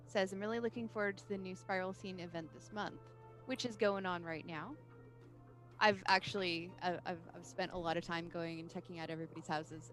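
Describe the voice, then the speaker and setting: A woman's voice: fairly low pitch, a bit bright. A woman co-hosting a game live stream, reading viewer questions with friendly chatty asides and updates for viewers. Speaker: stream co-host and community manager.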